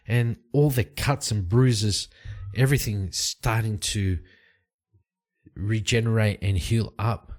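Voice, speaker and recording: A man casually narrating his solo tabletop roleplaying game from his home study, relaxed and rambling. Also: on the low side, unhurried. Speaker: solo tabletop game player and channel host.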